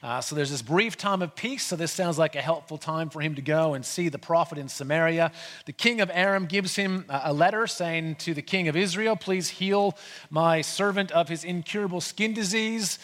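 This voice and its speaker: A man preaching a sermon in a conversational way, retelling with lively asides. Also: fairly high pitch, fairly quick. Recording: long hall reverb.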